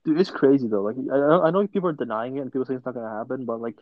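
A man's voice: medium pitch, rapid-fire, dry recording, phone-quality sound. A young man in casual chat with friends, rambling with lots of "bro" and "like", on headphones over a call. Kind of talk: casual chat about basketball.

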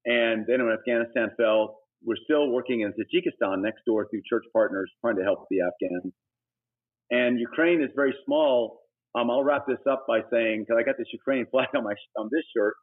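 Man, middle-aged, missionary guest, breathy voice, passionate testimony, sudden loud emphatic peaks, thin phone-quality sound. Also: moderate pace. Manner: earnest and preachy, with sudden emphatic high bursts. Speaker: guest, humanitarian missionary leader. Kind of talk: personal testimony in conversation. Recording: tinny phone-like audio.

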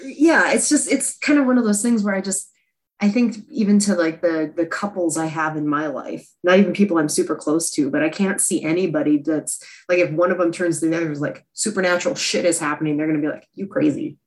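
A woman in her thirties co-hosting a casual podcast, talking in halting, easygoing bursts. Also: fairly low pitch, a little mellow. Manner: casual, halting, many fillers and restarts. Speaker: podcast co-host. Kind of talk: casual chat.

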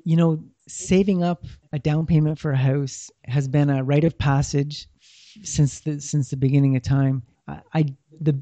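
A man's voice: fairly high pitch, vocal fry, warm tone, no room sound. A man giving plainspoken money advice in casual talk, often repeating words as he thinks. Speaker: financial guest. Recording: dull lo-fi sound.

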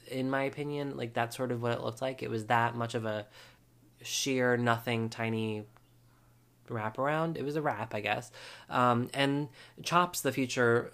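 A man's voice: medium pitch, a bit bright. A man hosting a podcast, recapping a reality show episode in a casual, chatty way with wry asides and frequent ums.

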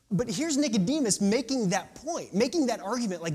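A man's voice: very high voice, expressive, a little fast, few pauses, a little mellow, slightly rough. A man in his thirties preaching a sermon in a conversational way, with asides and rhetorical questions. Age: 30s. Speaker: pastor.

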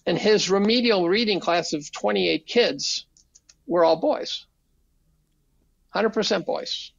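Gravelly older man telling profane stories. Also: sits high, slow pace, no echo, lo-fi sound. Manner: animated, profane, acts out quotes. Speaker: podcast guest. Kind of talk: casual storytelling.

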